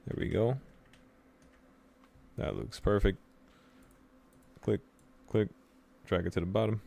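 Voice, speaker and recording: A man's voice: fairly low pitch, steady tone, slow pace, vocal fry, dark tone. A young man casually talking through stock charts on a screen share, thinking aloud and laughing at his own slips. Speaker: trading channel host.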